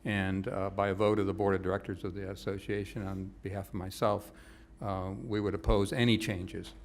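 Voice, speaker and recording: Man, very deep voice, halting public comment, faint background noise. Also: little pitch movement, gravelly. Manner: halting, with many uh fillers. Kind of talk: public comment at a county zoning hearing.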